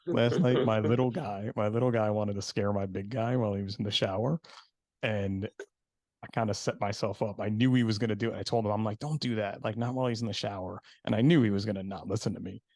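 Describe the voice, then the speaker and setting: A man's voice: fairly low pitch, fairly even intonation, quick pace, darkish tone, no echo, clean studio sound. A middle-aged man hosting a podcast, chatting casually and laughing at his own stories. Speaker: podcast host. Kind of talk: casual conversation.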